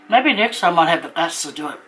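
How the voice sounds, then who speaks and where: Kiwi lady vlogging while eating, lowish voice, rambles and laughs a lot. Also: a bit bright, a little hiss or hum, rough recording. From New Zealand. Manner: chatty, rambling, laughs often. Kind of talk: casual chat while eating on camera.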